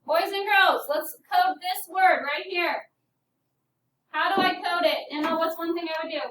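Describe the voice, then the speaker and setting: A woman's voice: extremely high pitch, normal speed, a bit bright, a little hiss or hum. A woman teaching a phonics lesson to a class, patiently prompting students and calling on them by name. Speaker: elementary school teacher. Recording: echoey classroom from far off.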